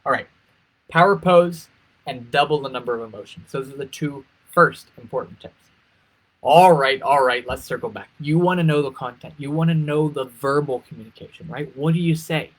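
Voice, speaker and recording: Speaking at a moderate pace, a male interview coach energetically guides pageant contestants on a live stream. He leans on repeated phrases for emphasis and swoops his pitch to demonstrate emotion, and the recording is rough.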